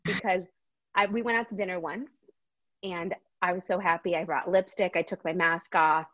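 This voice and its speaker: A woman's voice: lowish voice, moderate pace, no echo. Candid woman guest, slightly muffled. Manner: candid, expressive. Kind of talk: casual chat.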